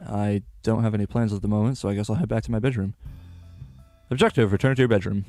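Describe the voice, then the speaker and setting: A man's voice: on the low side, steady tone, quick pace, mellow, dry recording, faint music behind. A man casually commentating a game playthrough, reading its dialogue aloud with sarcastic, sweary asides. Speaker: game streamer. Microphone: desktop USB microphone.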